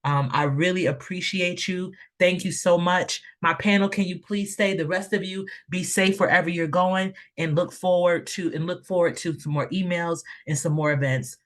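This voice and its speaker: A woman, a mother, hosting a panel over a video call and warmly thanking her panelists at its close. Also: fairly low pitch, fairly even intonation, moderate pace, few pauses. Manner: effusive, emotional, thankful. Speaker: host.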